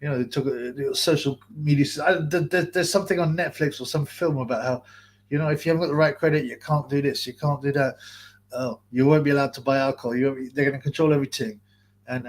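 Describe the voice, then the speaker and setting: Husky man ranting casually. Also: mid-range voice, steady tone, brisk. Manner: rambling, profane, restarts sentences often. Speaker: boxing channel host. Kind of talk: casual live-stream rant.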